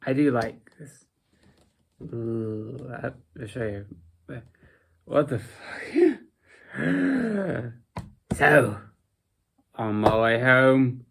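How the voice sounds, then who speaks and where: A sleep-deprived young vlogger rambles through a casual chat in an unhurried drawl. The voice stays mid-pitched but swings up and down a lot, sinking into drowsy mumbles and then jumping into sudden animated bursts. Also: breathy edge.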